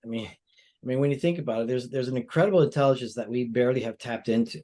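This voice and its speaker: A man's voice: mid-range voice, fast talker, dark tone. A male plastic surgeon giving explanatory interview answers with frequent "you know" fillers.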